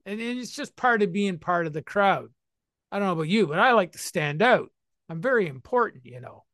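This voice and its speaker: A man's voice: high-pitched, lively intonation, fairly quick, fairly bright tone, no echo, studio quality. A man in his sixties talking to listeners about recovery in a playful, emphatic way. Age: 60s. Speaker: recovery speaker.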